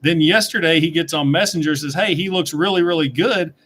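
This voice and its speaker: Brisk and fairly bright, a slightly high male voice answers live chat. The speaker, a middle-aged toy reviewer, casually reads viewer questions aloud from his desk webcam.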